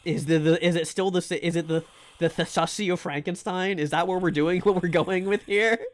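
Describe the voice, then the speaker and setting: A man streams a game live and chats casually with his viewers, rambling, joking, and often tripping over his words. His voice sits high, with a steady tone and a slightly fast pace.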